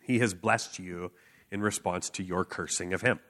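A man preaching a sermon, telling a personal story with earnest emphasis, filler words and quick laughs. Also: sits low, steady tone, a bit bright. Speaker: street preacher.

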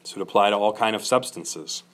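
A man's voice: lowish voice, a little fast, a bit bright. A middle-aged man preaching an expository sermon, earnest and emphatic, building points through repeated lists. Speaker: pastor.

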